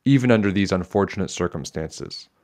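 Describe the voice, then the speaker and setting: A man's voice: low-pitched, animated, a little fast, a little mellow. A man voicing a pompous, overly polite male hijacker in a storybook reading. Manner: overly polite, then blustering.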